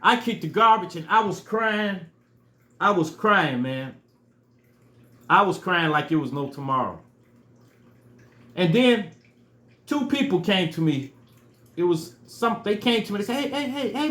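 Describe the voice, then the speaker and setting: A man's voice: sits high, measured pace, long pauses, bright, forceful tone, echoey room. A man telling a personal story in a casual, earnest way, repeating phrases for emphasis. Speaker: storyteller vlogger.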